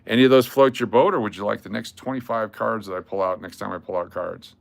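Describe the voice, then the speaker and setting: A man's voice: fairly low pitch, fast, gravelly. An older man hosting a casual livestream, rattling off lists of cards and chatting to viewers. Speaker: livestream host.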